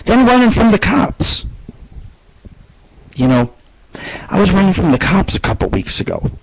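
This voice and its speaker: A man's voice: high-pitched, huge pitch swings, normal speed, husky, rough recording. A man hosting his own internet radio show, telling rambling stories with lots of swearing. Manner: profane, rambling, storytelling. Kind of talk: casual rambling monologue.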